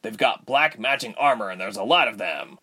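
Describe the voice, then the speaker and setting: Young male inventor, read by a narrator, lively and animated delivery. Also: on the low side, normal speed, exaggerated voice. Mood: urgent. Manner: casual, then tense and urgent.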